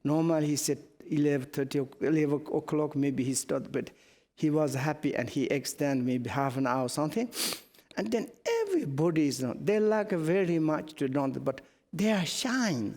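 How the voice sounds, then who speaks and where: A middle-aged man with a Tibetan accent, a Buddhist teacher giving a dharma teaching in halting non-native English, telling anecdotes with chuckles. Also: a little high, a little mellow. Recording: long reverb in a hall.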